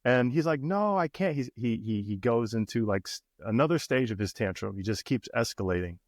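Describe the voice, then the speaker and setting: A man's voice: fairly low pitch, a little fast, no room sound. Storytelling man on a podcast, dry close mic. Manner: storytelling, many restarts, acts out quoted voices. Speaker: personal coach, podcast co-host. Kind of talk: casual podcast chat.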